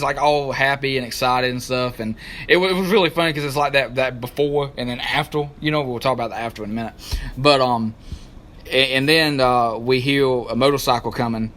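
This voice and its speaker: Excited man recapping wrestling. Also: mid-range voice. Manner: animated, rambling, searches for names. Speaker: wrestling talk show co-host.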